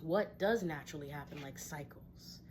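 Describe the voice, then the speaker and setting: A woman giving a tarot reader's reflective, encouraging talk to viewers from her home, with occasional sighs and soft laughs. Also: low voice, normal speed, slight background noise. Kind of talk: casual spiritual talk to viewers.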